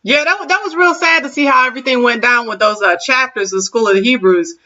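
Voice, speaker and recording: A woman with a high, bright voice hosts a casual online panel and talks with lively energy. She laughs often. The sound is dull and lo-fi. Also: fast talker, distant mic. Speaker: host.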